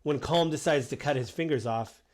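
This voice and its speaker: A man's voice: a little high, normal speed, a little mellow. Rambling man chatting about a film. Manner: rambling, acts out quoted lines with many fillers. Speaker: podcast host. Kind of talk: casual film discussion.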